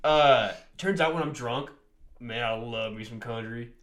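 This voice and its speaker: A man's voice: mid-range voice, unhurried, roomy sound. A young man telling a rambling party story on a casual podcast, laughing often and tripping over his words. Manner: animated, laughing, swearing, many restarts. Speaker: podcast co-host.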